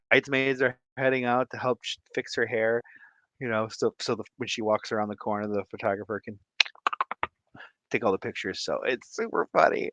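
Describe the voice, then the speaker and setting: A man's voice: medium pitch, a bit bright, no room sound, highs cut off. A man vlogging who tells a rambling, casual story and laughs often mid-sentence. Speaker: fish-keeping vlogger.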